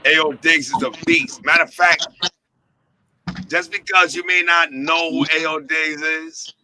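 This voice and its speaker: A man, hosting a livestream and telling stories in an animated, hyped way full of street slang. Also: on the high side, measured pace, a little hiss or hum. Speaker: host and label president. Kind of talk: casual livestream storytelling.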